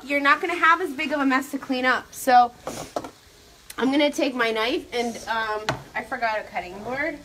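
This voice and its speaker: A woman's voice: high-pitched, moderate pace, background noise. A young adult woman hosting a live cooking demonstration, chatty and upbeat, talking straight to her viewers. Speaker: cooking show host.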